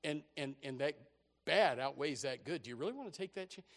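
A man preaching a sermon as a story, animated and often repeating words as he starts a sentence. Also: a little high, a little fast.

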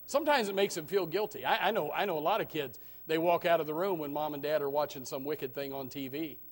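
A male pastor preaching with passion, swinging from low murmurs to near shouts. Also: quick pace. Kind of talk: sermon.

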